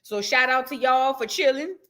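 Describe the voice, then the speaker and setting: New woman hosting a livestream, high voice, animated storytelling. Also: moderate pace. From New Orleans, USA. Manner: chatty, animated storyteller with slangy asides. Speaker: livestream host. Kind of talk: casual livestream chat.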